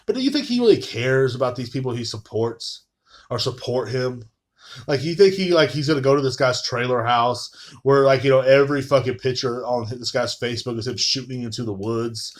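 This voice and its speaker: A man's voice: medium pitch, brisk. A young man, ranting profanely in a casual, rambling monologue full of fillers as a podcast host. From Texas.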